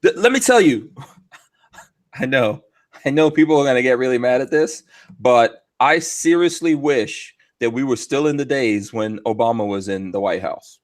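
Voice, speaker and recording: A man's voice: mid-range voice, lively intonation, moderate pace. A man hosting a casual podcast chat, heated and ranting, with mocking asides. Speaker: podcast host. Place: Florida studio.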